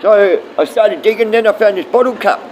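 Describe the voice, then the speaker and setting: A man's voice: high-pitched, brisk, darkish tone, a little hiss or hum, poor audio. A man with an Australian accent streaming live, rambling bluntly and swearing often as he talks to his chat.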